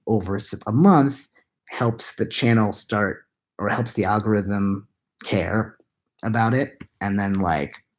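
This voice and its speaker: This is a late-night live chat Q&A: a tired man, likely thirtyish, talks into a laptop mic at home. He rambles in a hushed, half-whispered, lowish voice, with soft self-mocking laughter.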